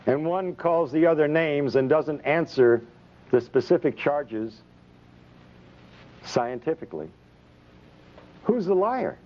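A man, a physician, giving an impassioned public speech full of indignant rhetorical questions and sarcasm. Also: fairly high pitch. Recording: dull lo-fi recording.

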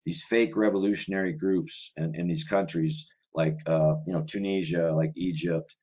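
A man with a very low voice talks at length in a loose, conversational way. He strings thoughts together with fillers and restarts. The recording sounds slightly dull and lo-fi. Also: steady tone, moderate pace, darkish tone. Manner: rambling, run-on delivery with many filler words. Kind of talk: casual conversational monologue.

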